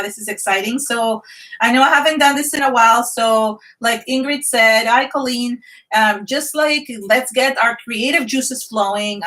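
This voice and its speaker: A woman hosting a live art journaling class, chatting excitedly and greeting viewers one by one. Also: fairly high pitch, recorded from a distance.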